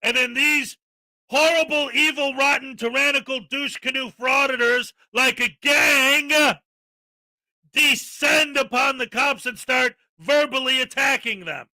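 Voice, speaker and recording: Man, commentary host, sarcastic exasperated rant, very high voice, piercingly bright tone. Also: unhurried, no room sound, poor audio. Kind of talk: ranting video commentary.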